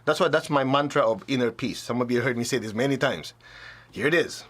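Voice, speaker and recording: A man speaking as a spiritual teacher to a gathered audience, casual and blunt in his wording. His voice sits at an ordinary middle pitch, and he slips into the voices of people he quotes. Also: a little fast, fairly bright tone. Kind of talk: informal spiritual talk to an audience.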